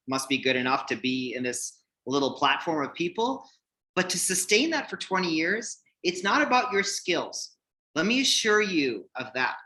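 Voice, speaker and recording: Man, forties, bright tense tone, casual storytelling, animated, acts out quotes, lots of "like". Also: on the high side, low-quality recording. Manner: animated, acts out quoted people, many fillers. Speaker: hairstylist telling his career story.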